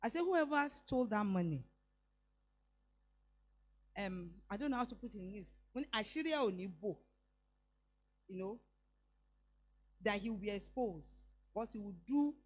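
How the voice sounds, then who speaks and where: A woman's voice: mid-range voice, expressive, moderate pace, pauses often. A middle-aged woman with a Nigerian accent, preaching a sermon and telling a personal story, slipping into Yoruba phrases. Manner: emphatic, voice rising on declarations.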